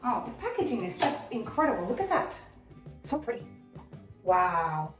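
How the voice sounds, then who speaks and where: A woman chatting through a casual beauty product review, excitable and self-deprecating about her makeup skills. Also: on the high side, normal speed, recorded from a distance. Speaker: beauty vlogger. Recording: roomy echo, off-mic, faint music.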